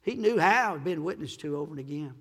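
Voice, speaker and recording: A male pastor preaches a storytelling sermon in a high, gravelly, bright-edged voice, emphatic as he acts out the people in his stories and rises to loud peaks. His voice rings with a long hall reverb. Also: expressive, fast talker.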